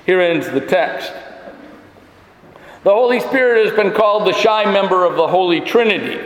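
A man's voice: high-pitched, measured pace. Emphatic preaching man in an echoey hall. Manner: emphatic preaching with rhetorical build-ups. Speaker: pastor. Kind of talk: sermon.

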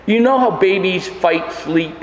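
A man's voice: sits high, measured pace, a little hiss or hum. A man pastor preaching a sermon in a church, emphatic, with many rhetorical questions. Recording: echoey hall with long reverb.

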